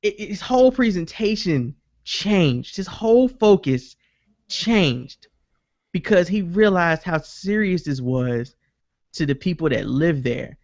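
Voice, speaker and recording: With a high, creaky voice and a slow delivery, this male podcast host tells a lively story in casual conversation, imitating what people said and swearing freely. The sound is lo-fi, with no room sound.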